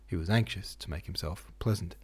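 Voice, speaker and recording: A man reading a classic novel aloud as a podcast audiobook narrator, in a measured, steady way. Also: low voice, breathy edge.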